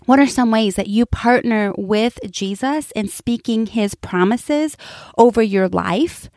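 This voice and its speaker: A woman's voice: on the high side, a little slow, a little mellow, no room sound, clean studio sound. A middle-aged woman pastor giving an earnest, encouraging devotional message and speaking straight to her listeners. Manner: emphatic repetition, light laughs.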